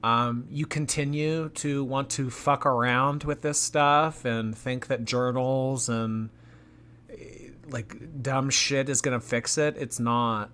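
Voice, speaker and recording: A man's voice: mid-range voice, steady tone, slow pace, a bit bright, clear, resonant tone. A man hosting a reaction commentary, making dry, mocking asides about the clips he plays. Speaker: commentary channel host.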